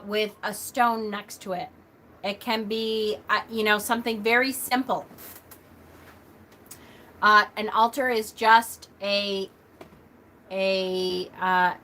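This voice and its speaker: A middle-aged woman teaching a casual livestream lesson, chatty and quick with lots of fillers, coughing now and then. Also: medium pitch. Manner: chatty, talks a lot and loudly and quickly, frequent fillers. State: coughing at times.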